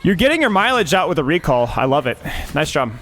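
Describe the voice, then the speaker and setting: A man's voice: a little high, sing-song, fast talker, fairly bright tone, a little hiss or hum. A man coaching a player through a gameplay replay, emphatic and often repeating his points several times. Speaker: game coach.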